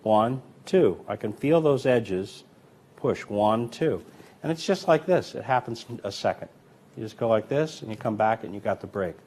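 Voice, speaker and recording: A man's voice: fairly low pitch, moderate pace. Guy teaching card tricks, easygoing, explains stuff while he shows the moves. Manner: relaxed, explanatory, talks while demonstrating. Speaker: magician teaching card sleights. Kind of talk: instructional demonstration.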